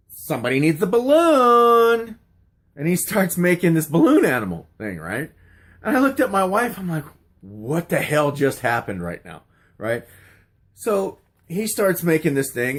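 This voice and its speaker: Rambling middle-aged man telling stories. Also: medium pitch. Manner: rambling, many uh fillers and restarts. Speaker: YouTuber answering a question tag. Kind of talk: casual storytelling vlog.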